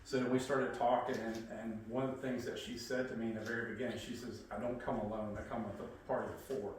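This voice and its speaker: A man's voice: mid-range voice, level tone, quick pace, slight background noise. Man, groom, casual rambling vows, lots of ums, echoey hall, far-off mic. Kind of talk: wedding vows. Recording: echoey room, distant mic.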